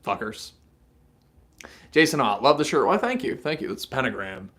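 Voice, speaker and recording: A man's voice: mid-range voice, very animated, normal speed, a bit bright. A young man from North Carolina hosting a casual live stream, chatty, swearing freely and laughing at his own jokes.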